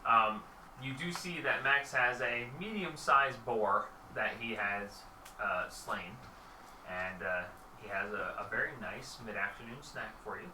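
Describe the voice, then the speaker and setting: A man's voice: on the low side, unhurried, background noise. A man narrating as game master, giving dry, matter-of-fact rulings, recorded in a roomy space from a distance.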